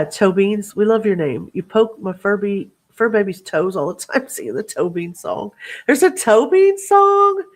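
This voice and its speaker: Bubbly woman hosting a livestream. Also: on the low side. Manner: bubbly, reads out viewer names and thanks them; chatty asides while scrolling through comments. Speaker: livestream host. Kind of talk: casual livestream chat.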